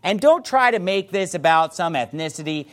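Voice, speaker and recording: A man's voice: high-pitched, animated, normal speed. A man preaching a sermon as a pastor, fiery and emphatic, reading scripture aloud in old-fashioned wording.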